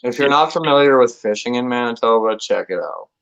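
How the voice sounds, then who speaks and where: A man co-hosting a casual live show, relaxed and quick to laugh as he chimes in. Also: mid-range voice, clean tone. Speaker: co-host. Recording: dull lo-fi sound.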